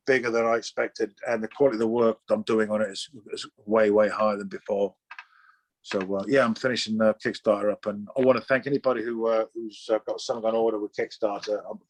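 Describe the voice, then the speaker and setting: A man's voice: on the low side, no echo. A middle-aged man from Oxfordshire, a comic artist chatting as an interview guest, rambling and swearing freely with many restarts. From Oxfordshire, England. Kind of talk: casual interview chat.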